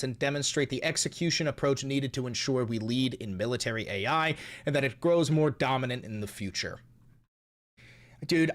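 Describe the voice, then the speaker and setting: A man's voice: medium pitch, a bit bright. A man hosting his stream, giving casual news commentary with profane, indignant ranting and mocking asides. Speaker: streamer and host.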